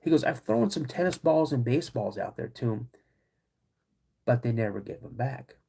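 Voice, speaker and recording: A middle-aged man hosting a podcast, telling a personal story in an animated way, acting out quoted voices and calling his listeners "guys". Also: mid-range voice, normal speed, gravelly, husky. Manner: acts out quoted voices of his dad and himself. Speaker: podcast host.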